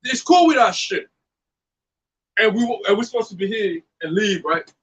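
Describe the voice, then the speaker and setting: Man, street preacher, high pitch, husky, blunt, profane, animated casual preaching. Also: normal speed, rough recording.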